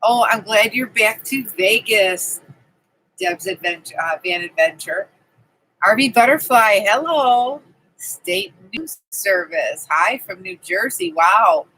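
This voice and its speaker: A woman's voice: medium pitch, expressive, takes it slowly, bright, forceful tone, a little hiss or hum, low-quality recording. A woman hosting a casual live stream from her camping trailer, chatting and greeting viewers by name. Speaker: livestream host.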